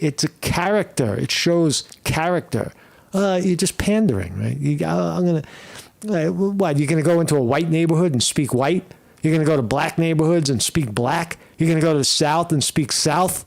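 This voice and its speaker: A man's voice: a little high, animated, normal speed, gravelly. A man hosting political commentary, blunt and scornful, swearing often as he reacts to clips. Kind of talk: opinionated commentary over clips.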